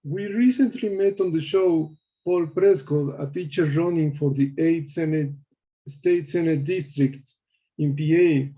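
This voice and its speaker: A man calling into a show, reading measured prepared commentary with small slips. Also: fairly high pitch, dull audio. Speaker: caller.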